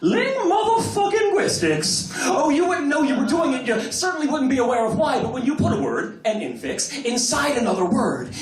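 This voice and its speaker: An American man performing a spoken-word slam poem with dramatic, swooping delivery and comic cussing. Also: very high voice. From United States. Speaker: slam poet. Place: large hall on stage. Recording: roomy hall from a distance.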